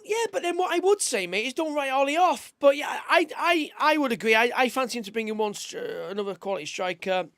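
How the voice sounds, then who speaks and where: A man's voice: very high-pitched, expressive, fast, hardly any pauses, a bit bright, no echo, clean studio sound. A young man, co-hosting a casual live-stream chat, chatty and emotional and calling everyone mate. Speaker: co-host, youth football coach.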